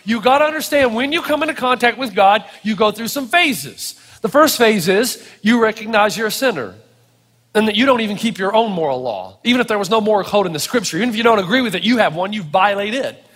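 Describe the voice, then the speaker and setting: High-voiced pastor preaching in a hall. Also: male voice, quick pace. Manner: animated, playful preaching with acted-out quotes. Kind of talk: sermon. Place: church hall with audience.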